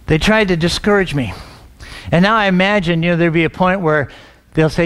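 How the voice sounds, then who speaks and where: A man's voice: high voice, fairly quick, fairly bright tone, smooth. A middle-aged man preaching a sermon as a pastor, telling a personal story with acted-out dialogue and frequent restarts. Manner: storytelling, acts out quoted dialogue; frequent restarts and repeated words.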